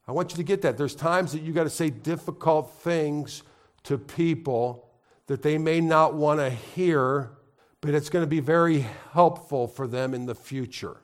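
Man preaching with call-and-response. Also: fairly high pitch. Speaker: pastor. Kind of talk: sermon. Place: congregation in a room.

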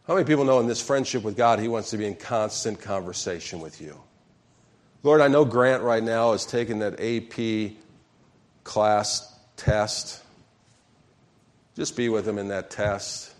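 Male pastor, low voice, sermon, asks the crowd questions, acts out prayers. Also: unhurried. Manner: calls out questions to the congregation.

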